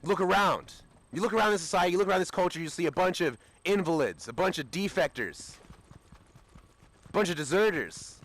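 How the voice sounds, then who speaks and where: A man's voice: sits high, expressive, a little fast, a bit bright. A young Australian man talking in a rambling, repetitive, aggrieved monologue while he plays a game.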